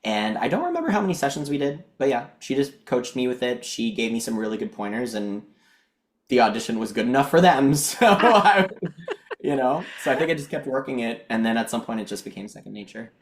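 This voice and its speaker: An animated Canadian man in his thirties chats as a podcast guest, laughing often and sometimes restarting his sentences. His voice has a mid pitch, and the room around him is noticeably echoey. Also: a little fast. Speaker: guest actor. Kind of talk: casual interview chat.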